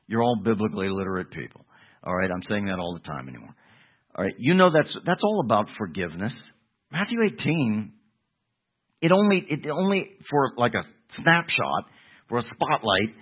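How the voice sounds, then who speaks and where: A man preaching a sermon in a conversational way, restarting phrases and moving between loud emphasis and quiet asides. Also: medium pitch, breathy edge. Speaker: pastor. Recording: tinny phone-like sound.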